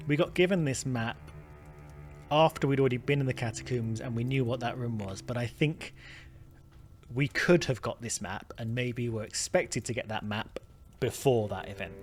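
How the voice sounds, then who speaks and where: A man hosting a game playthrough, chatting casually and thinking aloud. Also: medium pitch. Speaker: gaming host. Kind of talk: casual let's-play commentary.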